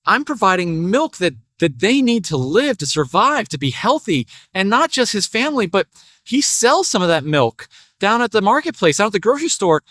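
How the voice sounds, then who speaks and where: A man's voice: high-pitched, big pitch swings, normal speed, a bit bright, no echo, studio quality, full character voice. A man voicing a boastful farm cow who brags about her milk in a self-important, rambling way. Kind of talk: storytelling parable.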